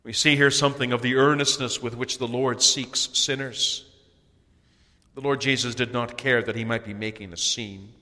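A man preaching a sermon in an earnest way, his voice swelling to loud cries on key phrases. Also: mid-range voice, steady tone, normal speed. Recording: long hall reverb.

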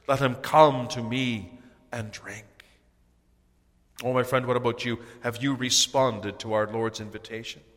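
A man delivers a sermon with earnest urgency, his somewhat high voice bright and forceful. He swells into loud cries on key phrases. A long reverb trails every word, as in a large church hall. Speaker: preacher.

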